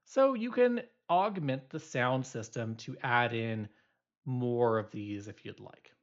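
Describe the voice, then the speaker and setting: A man's voice: mid-range voice, animated, takes it slowly, highs cut off. A male instructor giving a recorded programming lecture, explaining loosely with many fillers and restarts.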